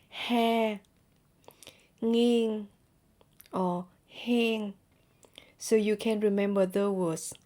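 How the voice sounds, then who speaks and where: Slow, mellow-voiced woman teaching. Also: medium pitch. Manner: repeats each phrase slowly and clearly for learners. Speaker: language teacher. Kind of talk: slow teaching with repeated example phrases.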